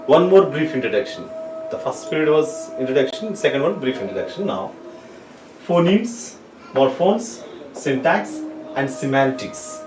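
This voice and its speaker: A man gives a slow classroom lesson. His pitch rises and falls a lot as he repeats words and spells letters aloud. The sound is roomy and distant, as if he stands back from the mic. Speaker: English teacher. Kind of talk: classroom lecture. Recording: echoey room, voice from off the mic.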